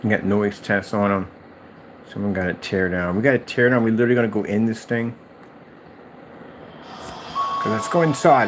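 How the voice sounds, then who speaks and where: A man hosting a gaming video, ranting in exasperated, animated commentary and mocking imagined replies. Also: on the low side, moderate pace, long pauses, noisy background. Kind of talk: ranting commentary over clips.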